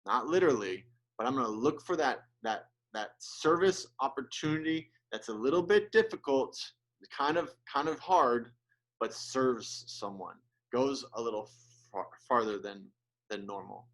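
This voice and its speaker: A man's voice: mid-range voice, lively intonation, a little slow, fairly bright tone. A male pastor giving an earnest, conversational sermon, with restarts and asides, who gets emotional as he speaks.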